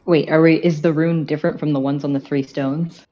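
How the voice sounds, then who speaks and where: A woman's voice: low voice, flat delivery, fairly quick, warm tone, faint music behind. A woman player in a casual tabletop game chat, giggly and self-deprecating, on a muffled lo-fi recording.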